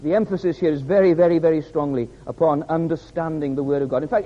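Higher-voiced guy giving a sermon, keeps repeating words for stress, echoey hall, muffled old recording. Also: animated, quick pace, few pauses. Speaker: preacher. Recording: reverberant hall, dull lo-fi sound.

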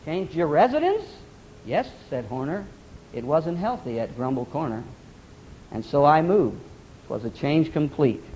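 A preacher reciting a reformed grumbler in rhyme. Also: male voice, a little high, sing-song, a little slow, a little mellow, slight background noise. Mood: contented. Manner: recited in poem rhythm. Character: grumpy middle-aged man who turned cheerful. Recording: dull lo-fi sermon recording.

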